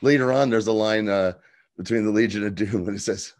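A man's voice: on the low side, fairly quick, a little mellow. A man co-hosting a casual podcast, recapping a TV episode, laughing often and acting out lines. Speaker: podcast co-host.

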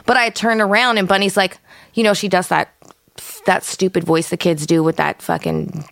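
A woman with a low, gravelly voice co-hosts a casual podcast chat, recorded dry and close. She tells stories in a laid-back way, swearing freely. She is middle-aged. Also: fairly even intonation, moderate pace, a bit bright, dry recording. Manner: laid-back, profane storyteller. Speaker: podcast co-host.

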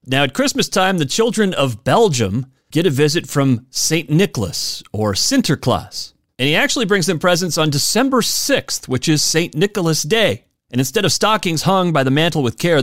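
A man talks through his podcast alone, making jokey asides and laughing at his own lines. His voice sits a little high and swoops up and down. The sound is close and dry, with no room around it. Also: no echo. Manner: animated, swoops up and down in pitch. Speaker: podcast host. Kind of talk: casual solo podcast talk.

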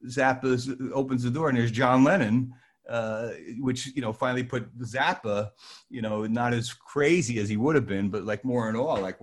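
An older man from New Jersey telling a lively anecdote, acting out the voices of the people in it. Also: mid-range voice. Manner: lively, acts out voices in his story. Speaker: storyteller guest.

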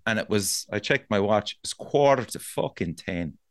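A man's voice: on the low side, normal speed. A man with a Cork Irish accent hosting a podcast, telling a rambling anecdote in casual chat and swearing freely. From Ireland. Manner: swearing, animated anecdote-teller. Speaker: podcast host.

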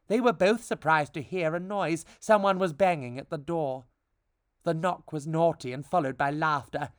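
A storybook podcast reader, narrating a rhyming tale in a playful, expressive way. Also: medium pitch, no echo, studio quality.

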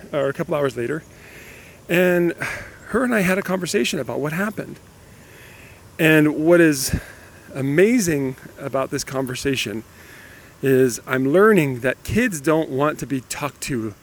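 Laughing, animated dad telling stories. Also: male voice, mid-range voice. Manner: animated storytelling, laughs often. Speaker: father sharing parenting stories. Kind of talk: casual vlog monologue.

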